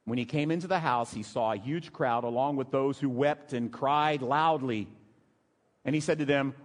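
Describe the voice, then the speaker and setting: A man preaching a sermon, telling a scripture story in an animated way, dropping to hushed emotional tones at key moments. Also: medium pitch, brisk. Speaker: pastor. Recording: long hall reverb.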